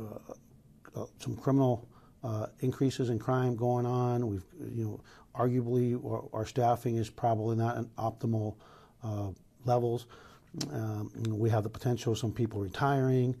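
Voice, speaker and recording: A man's voice: fairly low pitch, little pitch movement, measured pace, gravelly, mellow, a little hiss or hum. A middle-aged man from Los Angeles, a police chief answering news interview questions in an earnest, emphatic way with many restarts.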